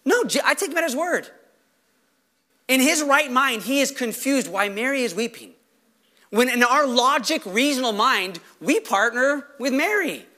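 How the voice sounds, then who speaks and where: A man preaching a sermon as pastor, animated, firing rhetorical questions and acting out quoted voices. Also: very high-pitched, normal speed.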